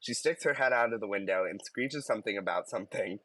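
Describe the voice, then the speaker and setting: A man's voice: on the low side, quick pace, a bit bright, dry recording. Giggly man reading stories aloud. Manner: giggly, laughs mid-sentence while reading. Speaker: podcast co-host.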